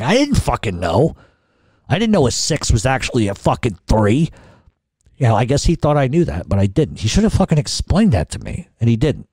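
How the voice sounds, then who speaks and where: Middle-aged male podcast host, loose profane storyteller, mellow tone. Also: mid-range voice, very animated, fairly quick, dry recording. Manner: profane, rambling, with many restarts. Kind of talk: casual storytelling.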